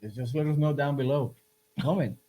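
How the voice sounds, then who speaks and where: Brief: male podcast host with a warm, mellow tone, earnest and persuasive. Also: medium pitch, brisk, rough recording. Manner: earnest, urging, repeats himself. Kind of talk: casual podcast chat.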